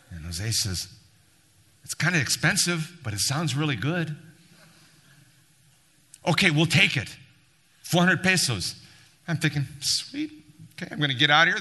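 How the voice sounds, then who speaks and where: A man tells a story to a church group, acting out the voices with a sarcastic edge. His voice is bright and forceful and swings widely in pitch. It rings with a long reverb, as in a large hall. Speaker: church member telling a story.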